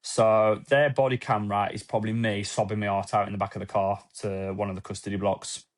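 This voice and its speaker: This ex-police officer's fairly low voice shows little pitch movement as he gives an emotional, candid personal account in a podcast interview. Along the way he quotes dialogue, swears casually and restarts haltingly.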